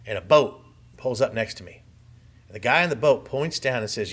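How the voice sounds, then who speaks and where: Here a Southern California man with a medium-pitched, slightly bright and slightly rough voice speaks at a moderate pace with lively intonation. He is a conference speaker in a hall, recounting his life in an earnest, vivid first-person testimony.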